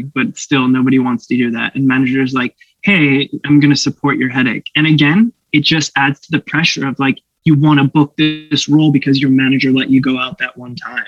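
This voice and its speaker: Brief: young actor guest, animated storyteller, laughs often, dull dry podcast sound. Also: male voice, mid-range voice, moderate pace, no room sound. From Canada. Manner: animated, laughing, acts out voices in anecdotes. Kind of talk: casual storytelling interview.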